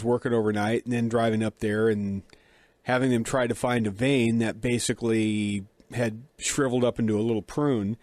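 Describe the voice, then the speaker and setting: A middle-aged man tells a story in a relaxed, chatty way, poking fun at himself and playing out both sides of a conversation. His mouth sounds a little dry. The recording is close and dead, with no room sound. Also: medium pitch, no room sound. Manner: chatty, self-deprecating, acts out dialogue. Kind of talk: casual storytelling.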